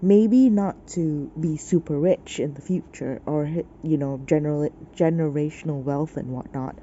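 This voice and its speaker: A book vlogger speaks from her bed in a deep, warm voice at a measured pace, sniffling from illness as she sighs and rants in exasperation about a book. The dull lo-fi recording carries a slight hiss or hum.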